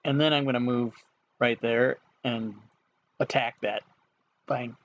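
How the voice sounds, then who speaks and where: A man's voice: mid-range voice, steady tone, unhurried, highs cut off, a little hiss or hum. A man who hosts the stream and plays in the game, chatty and swearing, talking to viewers as he goes. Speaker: host and player. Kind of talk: casual play with stream commentary.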